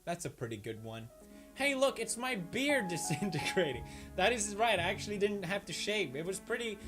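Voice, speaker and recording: A man hosting a comedic meme review, talking sarcastically and breaking into mock-outraged yelling. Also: high voice, big pitch swings, normal speed, faint music behind. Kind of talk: comedic commentary.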